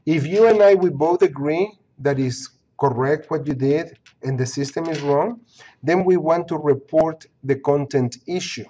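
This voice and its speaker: A man's voice: on the high side, measured pace, warm tone, breathy edge, highs cut off. A man teaching an online course, walking students through its pages step by step, repeating points and checking in with "okay?". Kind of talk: screen-recorded course walkthrough.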